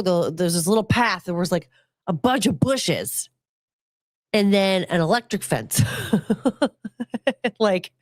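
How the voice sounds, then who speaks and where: A woman hosting a podcast, telling crude childhood stories in a joking way and reading chat comments. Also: no room sound. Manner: chatty, crude and joking, swings pitch a lot in quoted voices. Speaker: podcast host.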